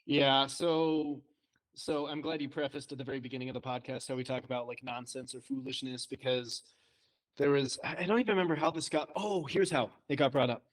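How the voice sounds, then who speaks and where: A man with a mid-range voice tells a story on a casual podcast. He talks quickly and animatedly, breaking off into asides as he goes. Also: mid-range voice, steady tone. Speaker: podcast co-host.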